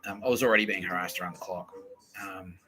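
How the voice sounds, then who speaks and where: A man's voice: deep voice, steady tone, quick pace, bright, forceful tone, rough recording. A man hosting a podcast, talking in a profane, rambling way and often restarting his sentences. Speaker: podcast host. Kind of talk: casual rambling monologue.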